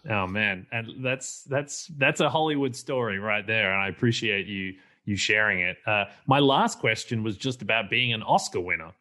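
A man's voice: on the low side, bright, forceful tone. A man hosting a podcast, reacting eagerly and joking with his guest in casual interview chat. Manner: enthusiastic, quick reactions and jokes. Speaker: podcast host.

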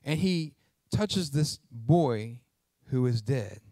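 A man's voice: medium pitch, expressive, slow pace, mellow, dry recording, clean studio sound. A male pastor preaching a sermon, emphatic and asking the congregation questions.

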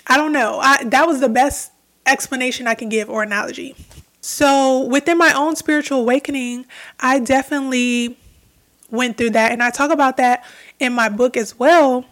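A woman's voice: high-pitched, fairly even intonation, moderate pace, a bit bright. A young adult woman talking alone on her spiritual podcast, earnest and reflective, repeating phrases for emphasis. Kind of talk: solo spiritual podcast talk.

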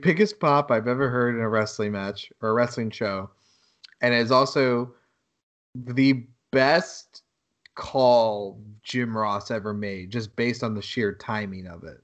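A man co-hosting a laid-back podcast, mid-pitched and lively. He tells stories with rising excitement, swears freely and breaks into laughter. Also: moderate pace. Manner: animated storytelling, heavy swearing, bursts of laughter. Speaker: podcast co-host. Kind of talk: casual podcast chat.

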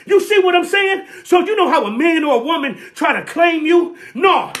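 A preacher delivering a sermon, repeating key phrases, calling for responses and shouting at the peaks. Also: very high-pitched, animated, normal speed, few pauses, slight background noise. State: sweating.

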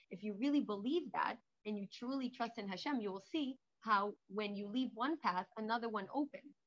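A woman giving an informal holiday talk. She tells animated stories with many restarts. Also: mid-range voice. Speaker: speaker. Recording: dull lo-fi recording.

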